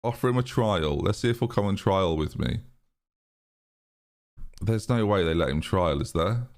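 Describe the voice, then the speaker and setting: A man streaming a football management game live, chatting excitedly to his viewers and laughing often. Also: low-pitched, moderate pace. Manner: excitable, chatty, talks to chat. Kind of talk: live gaming commentary.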